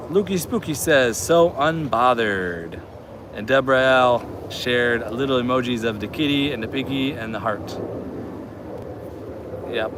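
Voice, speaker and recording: A man's voice: lowish voice, a bit bright, slight background noise. A man in his forties hosting a casual livestream from a garage, reading viewer comments aloud in an upbeat, affectionate way. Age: 40s. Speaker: livestream host.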